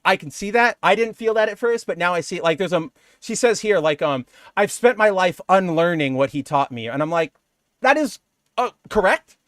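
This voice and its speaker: A man's voice: sits high, animated, normal speed, fairly bright tone, dry recording, clean studio sound. A man co-hosting a comic book podcast, chatting casually and rambling with lots of fillers. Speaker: podcast co-host.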